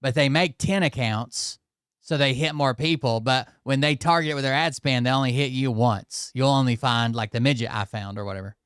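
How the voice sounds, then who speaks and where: Reacting offhandedly to videos, a man acting as host tends to mutter and let his sentences trail off. He speaks at normal speed in a clear, resonant mid-range voice with some brightness, recorded dry in a clean studio.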